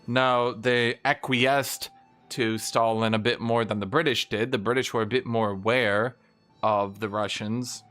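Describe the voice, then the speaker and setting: A man's voice: medium pitch, fairly even intonation, a bit bright, faint music behind. Profane, opinionated male streamer. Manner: mimics historical nations in quick asides. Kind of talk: casual livestream rant while gaming.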